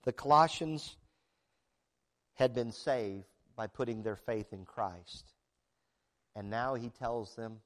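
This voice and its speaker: A man's voice: medium pitch, slow, long pauses. A middle-aged male preacher giving a sermon, emphatic and conversational, asking the listeners rhetorical questions.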